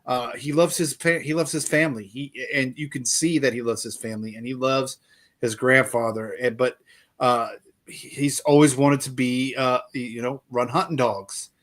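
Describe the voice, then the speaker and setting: A man hosting a casual book chat, enthusiastic and halting as he talks, often repeating words. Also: mid-range voice, fairly even intonation, a bit bright. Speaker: podcast host.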